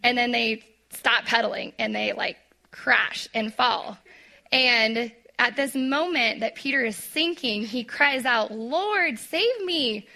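Bright, gravelly woman teaching a Bible story. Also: fairly high pitch, slow pace. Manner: chatty, lots of "like", acts out quotes; talks to the audience directly. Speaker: women's Bible study leader. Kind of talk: casual devotional teaching.

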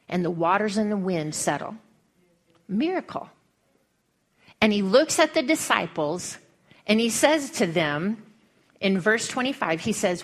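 A woman's voice: medium pitch, lively intonation, measured pace, a bit bright. A woman preacher with a Western American accent, giving a folksy, humorous sermon full of storytelling.

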